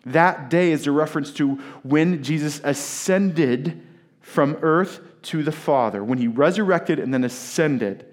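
A middle-aged man preaching a sermon, emphatic, with dramatic pauses and swings from loud to hushed. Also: on the high side. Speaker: pastor.

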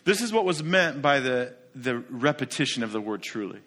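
Very animated, this preacher talks at a normal speed in a mid-range voice. His sermon is forceful and full of rhetorical questions, moving back and forth between loud proclamations and hushed side remarks.

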